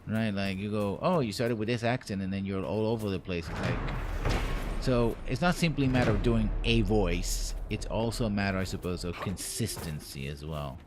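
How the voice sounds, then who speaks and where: A man with a somewhat low voice plays a game on a live stream, talking at a moderate pace as he thinks aloud. His commentary is rambling and jokey, with puns thrown in, over a constant bed of background noise.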